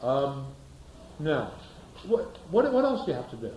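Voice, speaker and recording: A man's voice: mid-range voice, wildly swooping pitch, unhurried, darkish tone, reverberant, a little hiss or hum, poor audio. A man giving a classroom lecture, asking the class rhetorical questions and acting out little scenes.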